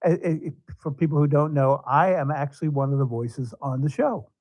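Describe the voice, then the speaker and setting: A man from Tennessee hosting a casual radio interview, chatty and quick to laugh, with a self-deprecating way of talking. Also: fairly high pitch, darkish tone, dry recording, poor audio. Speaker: radio guest host.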